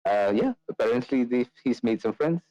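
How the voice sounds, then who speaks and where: A man's voice: medium pitch, expressive, moderate pace, dark tone, dry recording, dull audio. A man narrating as game master, hesitating often with fillers and restarts.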